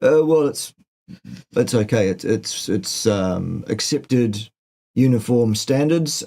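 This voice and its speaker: A man's voice: mid-range voice, takes it slowly, a little mellow. A man hosting a live Q&A chat, joking, sardonic and swearing freely. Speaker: show host.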